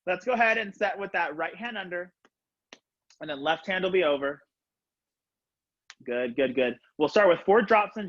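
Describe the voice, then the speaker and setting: Sitting high in pitch, an upbeat man teaches a live online color guard class, counting out loud and chatting casually with plenty of fillers. He works from the floor of a home room, with sound picked up by a laptop webcam on a video call, which makes it dull and lo-fi.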